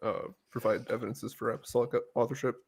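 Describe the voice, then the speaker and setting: Halting man debater. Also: medium pitch, steady tone, a little hiss or hum. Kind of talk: live-streamed debate discussion.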